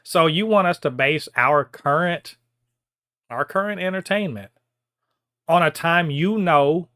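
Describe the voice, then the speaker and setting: A man's voice: a little high, unhurried, bright, forceful tone, dry recording, clean studio sound. A man co-hosting a podcast, ranting in a heated, profane way in casual chat. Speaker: podcast co-host.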